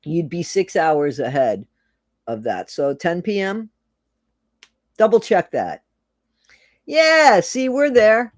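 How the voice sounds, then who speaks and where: Brief: livestream host, casual and chatty, mid pitch, dry close sound, reads comments aloud. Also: very animated, takes it slowly, pauses often, no room sound. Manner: chatty, rambling, laughs often, repeats phrases. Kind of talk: casual livestream chat reading viewer comments.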